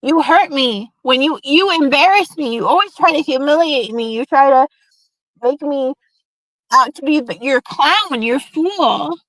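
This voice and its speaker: Woman guest on a livestream, high voice, dry close sound, pleading and repetitive. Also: moderate pace, fairly bright tone, no echo, rough recording. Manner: pleading, repeats herself. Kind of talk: heated livestream argument.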